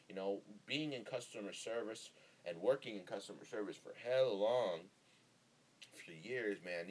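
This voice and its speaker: A young man from Northern California hosting his own podcast in a rambling, profane, laid-back solo monologue full of fillers, speaking close into the mic. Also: fairly low pitch. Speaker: podcast host. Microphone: close podcast microphone.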